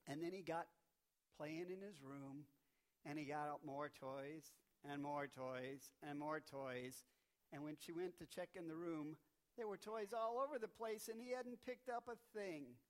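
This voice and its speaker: Man telling a children's sermon story. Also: a little high. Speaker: pastor.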